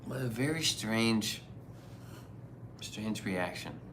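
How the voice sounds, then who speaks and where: A man streaming a casual chat, rambling and swearing freely, often trailing off into quiet mumbles as he reads chat messages. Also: on the low side, lively intonation, slow, background noise.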